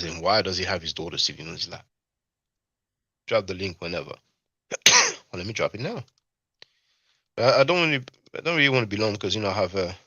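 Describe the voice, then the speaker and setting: Low-voiced man hosting a halting livestream. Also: bright, forceful tone, slightly rough, no room sound, lo-fi sound. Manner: halting, full of fillers and restarts. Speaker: livestream host. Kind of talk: casual livestream commentary.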